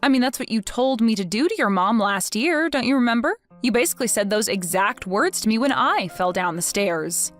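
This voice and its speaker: A woman acts out a cold, taunting young wife from a text-message story drama. She speaks with a fairly high voice and a sarcastic, mocking edge. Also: animated, fairly quick, hardly any pauses, faint music behind, natural voice.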